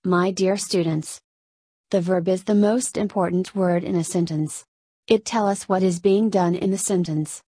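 Mellow, slow-reading woman teacher. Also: fairly low pitch, steady tone, breathy edge, no room sound. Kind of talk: scripted lesson narration.

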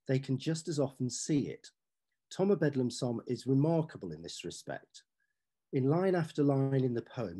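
A man's voice: medium pitch, mellow, breathy edge. A man, an author and poetry teacher, giving a talk and savouring the sound of the words as he reads verse aloud. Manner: measured, savouring delivery. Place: online forum talk.

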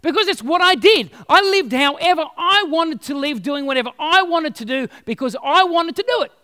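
A male pastor preaching a sermon in a chatty, animated, storytelling way. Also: very high voice, normal speed, long reverb tail.

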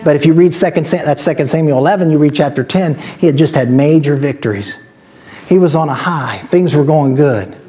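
Guy preaching in church, pretty high voice, gets loud and emphatic when he pushes a point. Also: fairly quick. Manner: preacherly, rising to emphatic exhortation. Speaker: pastor. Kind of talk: sermon. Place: church sanctuary.

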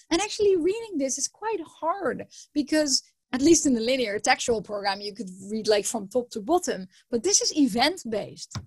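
A woman professor gives a conference talk with a fairly high voice. She tells stories in a lively way and doubles words for emphasis. The sound is dry and close, with no room echo. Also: breathy edge. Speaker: computer science professor giving a conference talk.

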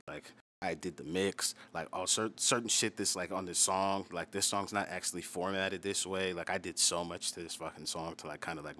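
A young man with a low, deep voice talks through a casual storytime, swearing freely and leaning on filler words as he rambles. He is self-deprecating and offhand, and a faint hiss sits under the recording. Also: sharp tone. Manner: loose and profane, heavy on "like". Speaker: rapper and channel host. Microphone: solo voice recording.

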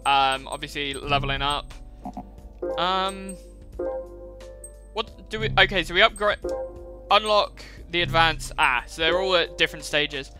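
A man's voice: fairly high pitch, measured pace, long pauses. A man commenting on his racing game playthrough, chatty with dry, sarcastic asides. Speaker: gaming channel host. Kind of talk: gameplay commentary. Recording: loud music and car engine sounds behind. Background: game music and racing car sounds.

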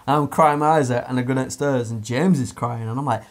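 A man's voice: mid-range voice, brisk. A young man telling a long story in casual podcast chat, swearing often, laughing and using lots of fillers.

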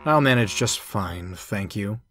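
A man's voice: lowish voice, expressive, unhurried, a bit bright, no room sound, clean studio sound, faint music behind. A man voicing a smug, scheming male steam engine who talks slyly and feigns innocence. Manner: sly, self-satisfied, feigned innocence.

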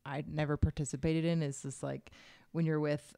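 A woman co-hosting a casual advice chat, speaking haltingly with frequent restarts and light laughter. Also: low-pitched, level tone, dark tone, no echo. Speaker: podcast co-host.

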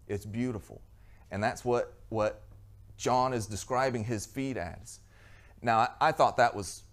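An earnest male pastor delivering a sermon at a middle pitch, asking the congregation questions and restarting his phrases as he goes. His delivery is plain and sincere. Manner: earnest preaching with frequent restarts and rhetorical questions.

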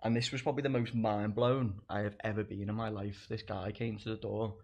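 A man's voice: fairly low pitch, little pitch movement, brisk, creaky, darkish tone. A young man, telling stories in casual chat, swearing a lot and laughing through them. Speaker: guest comedian.

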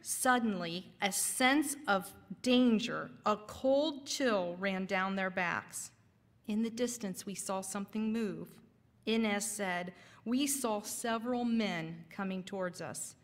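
A woman tells a church story and draws lessons from it, earnest and full of dramatic pauses. She speaks slowly, and her voice trails off into the long reverb of a church hall. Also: medium pitch. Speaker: Sabbath School teacher. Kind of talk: storytelling sermon.

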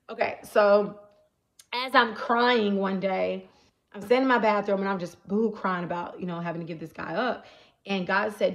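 Brief: woman prophet, earnest testimony, mid-pitched, repetitive, checks in with her audience. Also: a little fast. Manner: earnest, repeats herself, keeps checking in with listeners. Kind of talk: personal religious testimony to viewers.

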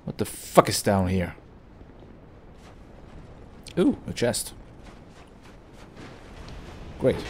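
A man from Austria commentating his own gameplay as a gaming YouTuber, swearing, yelling at enemies and laughing at his own mistakes. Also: fairly low pitch, very animated, drawn-out words, long pauses, husky. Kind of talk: let's play commentary.

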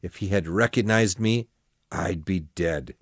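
A man's voice: low-pitched, a little slow, slightly rough, no room sound, clean studio sound, voice pushed down. A man voicing an ambitious, lovesick young male hero who speaks in an earnest, brooding way.

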